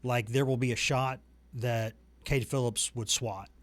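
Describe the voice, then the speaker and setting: A man talks sports in a loose, rambling way, cracking jokes at his own expense. His voice sits at a middle pitch, and it is recorded close and dry in a studio with no room sound. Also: steady tone, unhurried, no room sound. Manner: chatty, rambling, self-deprecating humor. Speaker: sports reporter and show host. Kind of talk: casual sports talk. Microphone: desk microphone.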